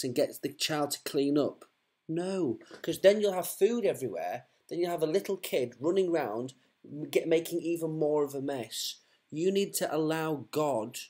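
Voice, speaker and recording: A man's voice: on the high side, a little mellow. A man, preaching fervently to one listener, often repeating himself and restarting his sentences.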